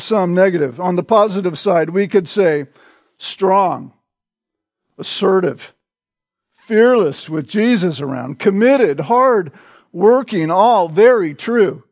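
A male pastor preaching a sermon in a slow, deliberate way, repeating short phrases for emphasis. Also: sits high, a little mellow, no echo.

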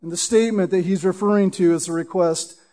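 A man preaching and teaching verse by verse through a Bible passage, in a measured, explanatory way with emphatic scripture quotes. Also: high-pitched, steady tone, warm tone.

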